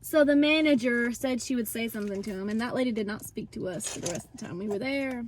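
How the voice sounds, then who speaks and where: High-voiced indignant woman in her twenties. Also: fast. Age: 20s. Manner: indignant, retelling with quoted dialogue. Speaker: vlog host. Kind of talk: casual storytelling.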